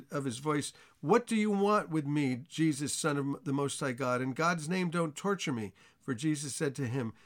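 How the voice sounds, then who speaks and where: A man preaching a sermon, reading scripture aloud and explaining it in plain, conversational asides. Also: mid-range voice.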